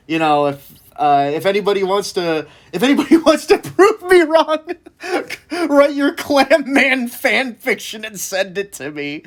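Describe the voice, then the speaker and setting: A vlogger chatting casually, rambling with lots of fillers and laughing at their own stories. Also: medium pitch. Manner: heavy fillers like "like" and "um". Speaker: video creator. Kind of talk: casual chat.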